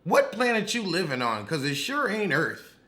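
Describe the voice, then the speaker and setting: A man's voice: on the high side, big pitch swings, moderate pace, pushed and bright. A man recapping a reality show with sassy, dramatic, cutting humor.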